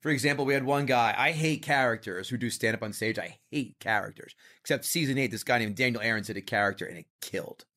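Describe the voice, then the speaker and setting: A man, a comedian guest on a podcast, chatting casually and telling stories with lively acted-out quotes. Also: medium pitch, fast talker, few pauses. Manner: animated storyteller, acts out quoted voices. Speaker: comedian and show creator guest.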